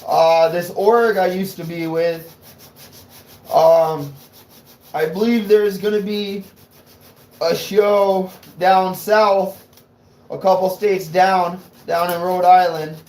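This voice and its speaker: A man's voice: high-pitched, fairly even intonation, slow pace, pauses often, darkish tone, rough recording. A man from New England chatting casually on a livestream, rambling and swearing, fired up. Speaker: car audio livestreamer.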